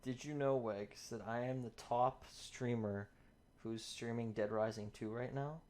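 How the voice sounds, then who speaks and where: A young man chatting casually while streaming a speedrun, excitable and swearing, breaking into laughter. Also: mid-range voice, measured pace. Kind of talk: casual live-stream chat while gaming.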